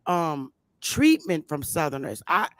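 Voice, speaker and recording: A woman from Connecticut hosting a casual conversation, talking in a slow, emphatic, outspoken way. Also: low-pitched, sing-song, no room sound. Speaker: host.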